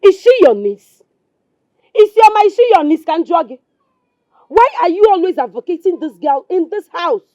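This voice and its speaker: A woman's voice: very high-pitched, sing-song, moderate pace, mellow, lo-fi sound. A woman with a Nigerian accent playing a bitter, sarcastic wife who scorns her husband's niece in a film scene. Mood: scornful. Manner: taunting and sarcastic. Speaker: actress. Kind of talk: Nollywood film acting.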